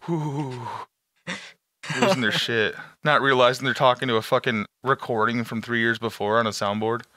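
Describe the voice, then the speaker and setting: A man's voice: medium pitch, fairly even intonation, fairly quick, sharp tone, no echo. A man on a casual talk podcast, telling crude prank stories and acting out angry callers. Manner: crude storytelling, acts out callers in raised voices. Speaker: podcast host. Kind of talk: casual chat.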